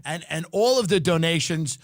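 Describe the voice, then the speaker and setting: A man ranting as a comedian and podcast host, loud and mocking, with exaggerated outrage. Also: fairly high pitch, animated, normal speed, no echo, clean studio sound. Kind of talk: comedic rant.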